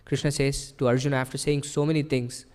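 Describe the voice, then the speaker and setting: A man's voice: mid-range voice, flat delivery, quick pace, darkish tone, smooth, long reverb tail. A man giving an earnest devotional sermon at a temple, explaining patiently and often checking in with his listeners. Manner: earnest, explanatory, with frequent rhetorical "right?". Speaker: temple speaker. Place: temple hall.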